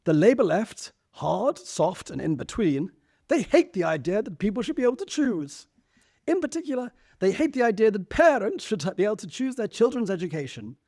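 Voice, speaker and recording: A man's voice: sits high, big pitch swings, warm tone, no echo, studio quality, voice pushed up, heavily acted. A man doing an impression of a stern older woman politician giving a preachy conference speech. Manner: grand, preachy, drawn-out emphasis.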